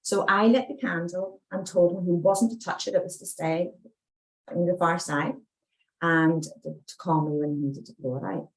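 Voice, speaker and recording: A woman's voice: on the low side, normal speed, poor audio. A middle-aged woman, a spiritual medium and coach, telling a chatty family anecdote to an audience and acting out the conversation. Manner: chatty, anecdotal, acts out dialogue with gentle warmth. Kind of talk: storytelling talk to an audience.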